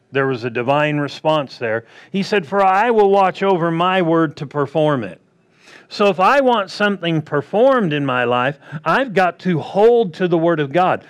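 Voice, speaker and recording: A man preaching a sermon, acting out quoted voices and swinging between loud bursts and hushed asides. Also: sits high.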